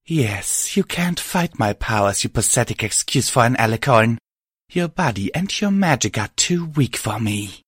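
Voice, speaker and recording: A man's voice: medium pitch, lively intonation, moderate pace, breathy edge, dry recording, clean studio sound. A man voicing a cruel female alicorn villain who mocks and gloats in a taunting manner.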